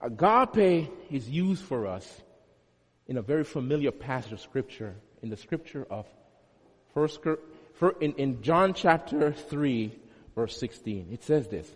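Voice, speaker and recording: A man's voice: fairly high pitch, expressive, measured pace, breathy edge. A male pastor preaching a sermon, teaching with emphatic repetition and homely everyday examples. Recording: long hall reverb.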